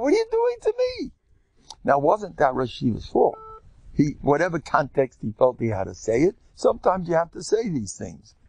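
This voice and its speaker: A man's voice: medium pitch, no echo. Joking older man lecturing as a rabbi. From United States. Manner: joking, animated storyteller. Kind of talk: lively Torah lecture.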